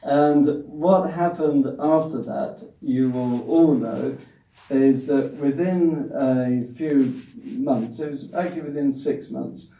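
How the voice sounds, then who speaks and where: A man's voice: medium pitch, slow pace, warm tone. A man, recounting his newspaper career to an audience in a wry, understated way. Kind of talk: anecdotal storytelling to an audience. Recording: roomy hall, distant mic.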